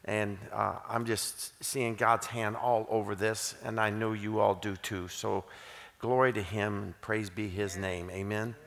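A Kentucky man with a Southern accent guest-preaches in a church auditorium, delivering a sermon with folksy humor, jokes, and self-deprecating stories. His fairly low voice is creaky and fairly bright, flat and unhurried, with long hall reverb.

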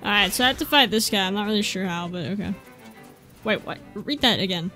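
A woman's voice: medium pitch, fairly quick, bright, forceful tone, soft background music. A woman giving casual, profane, exasperated commentary while playing a video game, talking back at the characters on screen. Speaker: let's play gamer. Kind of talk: gameplay commentary.

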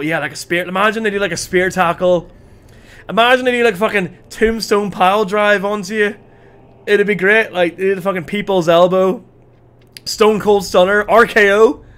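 A man doing casual gameplay commentary on a livestream, excitable, swearing freely and shouting at the game. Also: sits high, smooth.

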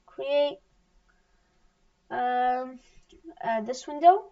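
A woman with a high voice guides viewers step by step through a screen-recorded coding lesson. She talks slowly and hesitantly, often pausing on fillers and restarting. Her voice sits back from a lo-fi, muffled microphone. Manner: halting, many fillers and restarts. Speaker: coding teacher. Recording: distant, dull lo-fi mic.

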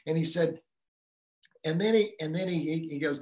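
A man speaking on a live community call about fathering, retelling a film scene in a halting, storytelling way with many fillers. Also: on the high side, reverberant.

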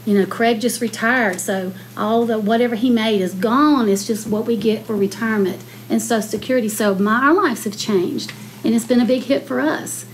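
Middle-aged woman commissioner, blunt and impassioned, slightly high voice, faint room hum behind. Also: moderate pace, low-quality recording. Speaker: county commissioner. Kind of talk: public meeting debate. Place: county commissioners' chamber.

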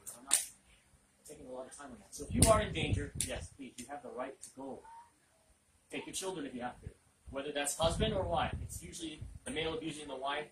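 A man preaching an interactive Bible lesson, asking listeners questions and repeating their answers back. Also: mid-range voice. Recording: echoey room, distant mic, loud noise.

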